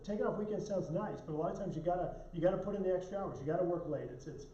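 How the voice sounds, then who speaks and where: A man's voice: high-pitched, rapid-fire, mellow. A man, an elected official answering viewer questions in a live-stream Q&A, talking bluntly and emphatically and often restarting his sentences. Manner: blunt, emphatic, self-correcting. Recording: roomy, slightly dull audio.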